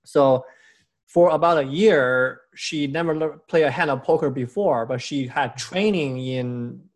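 A man's voice: a little high, measured pace. Rambling man. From China. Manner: rambling, restarts often, nonstandard English grammar. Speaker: podcast co-host. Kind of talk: casual chat.

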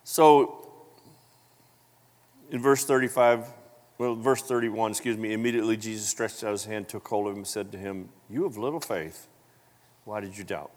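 Animated preacher in a reverberant hall. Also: male voice, moderate pace, pauses often. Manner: animated storytelling, acting out voices with big pitch jumps. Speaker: pastor. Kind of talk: sermon.

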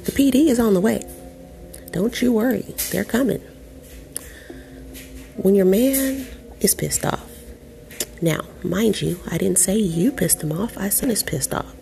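A young adult woman hosting a podcast, reading out an article and commenting on it in an animated, profane, sarcastic way. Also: medium pitch, measured pace, gravelly, pauses often, a little hiss or hum. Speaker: podcast host.

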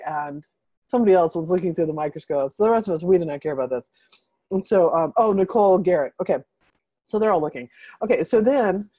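A woman hosting a group video call retells a story in a rambling, casual, animated way packed with fillers. Her voice is mid-range, and the recording is dry.

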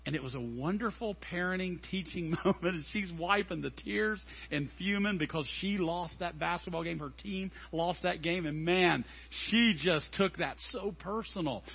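A middle-aged man preaching a sermon as a pastor, animated and telling stories. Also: sits high, normal speed, gravelly, hardly any pauses, breathy edge, highs cut off. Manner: animated and storytelling, acting out scenes.

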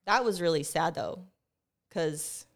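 A young woman hosting a podcast, telling a rambling, profane story in a casual monologue, her close mic catching her breathing. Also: sits low. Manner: profane, animated storytelling, rushes then slows. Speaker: podcast host. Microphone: close mic picking up breathing.

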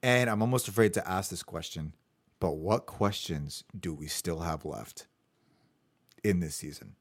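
A man's voice: deep voice, a little slow. A man hosting a casual podcast, running through his notes in a chatty way with fillers. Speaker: podcast host.

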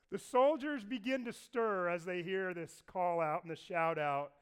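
A male pastor preaching a sermon in a church. His voice sits high for a man and sounds smooth and resonant. He tells the story in a lively way and acts out what each figure says. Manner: animated storyteller acting out voices.

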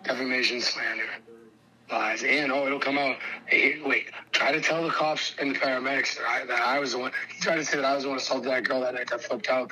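Bright-voiced young man ranting profanely. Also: medium pitch, breathy edge, rough recording. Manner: profane, agitated, swings between loud and hushed. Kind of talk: heated casual rant.

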